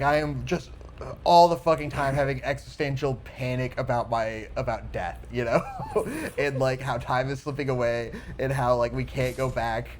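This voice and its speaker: A man co-hosting a casual movie chat podcast, talking in an anxious, reflective way, swearing and laughing softly between thoughts. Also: medium pitch, slight background noise. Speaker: podcast co-host.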